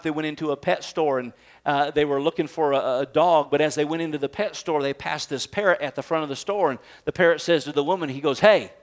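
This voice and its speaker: A man preaching a sermon in a conversational, joking way, often laughing and asking rhetorical questions. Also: a little high.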